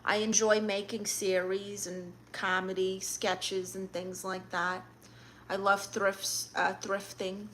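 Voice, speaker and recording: A woman's voice: mid-range voice, level tone, slow pace, a bit bright, a little hiss or hum. A woman with a Brooklyn accent streaming live, reading viewer comments aloud and answering them with blunt, sassy comebacks. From Brooklyn, New York.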